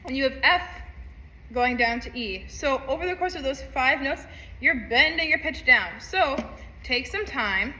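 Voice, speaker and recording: A woman's voice: sits high, bright, forceful tone, reverberant, poor audio. A woman teaching a saxophone part, upbeat, counting aloud and singing rhythms. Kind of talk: music lesson walkthrough.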